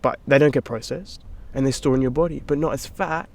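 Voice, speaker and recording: Man, podcast guest, casual animated storytelling, slips into whispers, faint background noise. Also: mid-range voice, brisk. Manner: animated, swears casually, drops into whispers for inner thoughts.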